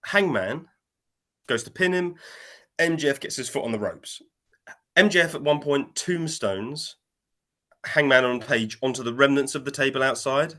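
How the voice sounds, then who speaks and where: A man's voice: medium pitch, normal speed, pauses often. Man retelling a wrestling match. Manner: animated storytelling, acting out quotes in shifting voices. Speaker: wrestling podcast co-host. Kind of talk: casual chat.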